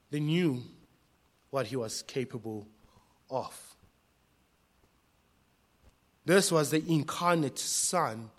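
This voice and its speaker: A male pastor preaching a sermon, impassioned, swinging between hushed lines and loud cries. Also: medium pitch.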